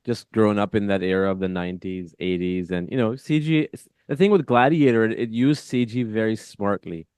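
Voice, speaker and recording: A man's voice: on the low side, a little fast, few pauses, a little mellow, clear, resonant tone, no echo, clean studio sound. A man in his thirties hosting an interview, reflective and thinking aloud with many fillers. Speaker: podcast host, film director. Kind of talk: casual interview chat.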